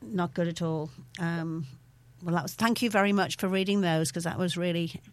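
A woman's voice: on the low side, fairly even intonation, normal speed, no echo. A woman radio host chatting casually with a guest, giving short, emphatic reactions. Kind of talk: casual chat.

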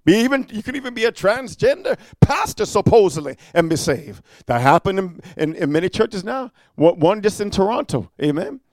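A man preaching a fiery evangelistic sermon, emphatic and full of "amen" and "huh?", swinging from quiet asides to loud declarations. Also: sits high, big pitch swings, moderate pace, hardly any pauses, no echo.

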